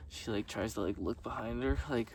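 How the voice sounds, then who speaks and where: A young man telling stories casually, laughing often and swearing freely while walking outdoors on a gravel road. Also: medium pitch, brisk. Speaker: vlogger. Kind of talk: casual storytelling. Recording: distant mic with faint background noise.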